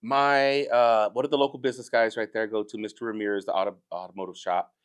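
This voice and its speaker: A man's voice: on the low side, fast, clean tone. A man, a barbecue business owner chatting as a guest and telling stories. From Southern California. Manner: relaxed, rambling storyteller who acts out others' lines. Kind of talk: casual chat.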